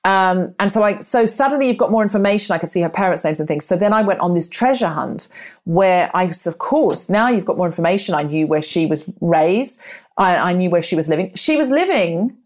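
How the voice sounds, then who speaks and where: A middle-aged woman telling a personal story in casual chat, acting out voices with big jumps in pitch. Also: brisk. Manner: animated, acts out her own and others' lines with big rises in pitch.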